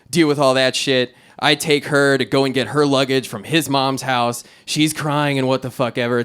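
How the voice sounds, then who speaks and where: On a small club stage, a young open-mic comic tells a long, profane, rambling story, animatedly acting out the other people in it. His voice is medium-pitched and smooth, at normal speed with hardly any pauses.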